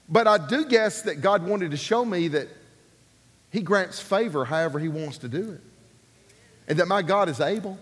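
Preacher guy, bit high voice, hams up the quotes, long echo like a big sanctuary. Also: normal speed, pauses often, husky. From Alabama, US. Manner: animated, acts out quoted voices. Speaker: pastor. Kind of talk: sermon storytelling. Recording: long hall reverb.

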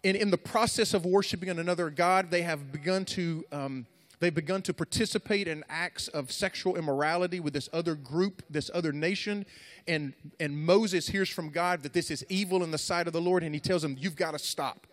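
A man preaching a sermon to young people, swinging between dramatic, loud storytelling and casual, conversational asides full of fillers and restarts. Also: on the high side, a little fast. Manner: animated dramatic storytelling, rising loud in retellings.

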